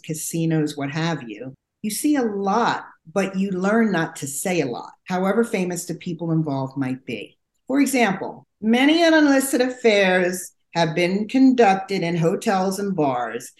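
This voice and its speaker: A woman hosting a podcast, delivering a scripted narration in a lively, playful way. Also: lowish voice, reverberant.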